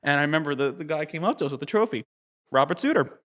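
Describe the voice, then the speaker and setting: A man in his thirties from New Jersey, telling a long story as an interview guest. He talks in a lively way, chuckles often and uses many fillers. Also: a little high, fast. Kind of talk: conversational storytelling.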